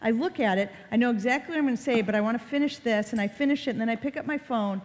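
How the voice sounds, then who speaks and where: A woman's voice: a little high, very fast. Middle-aged woman telling a story in a reverberant hall. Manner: conversational, dramatic storytelling with fillers. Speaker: speaker on social media safety. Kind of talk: storytelling public talk.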